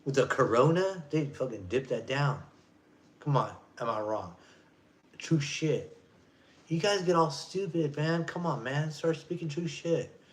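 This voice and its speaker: A man's voice: on the high side, lively intonation, a little slow. Profane rambling man in his forties. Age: 40s. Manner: profane, rambling, loose street slang. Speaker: vlogger. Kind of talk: casual rant.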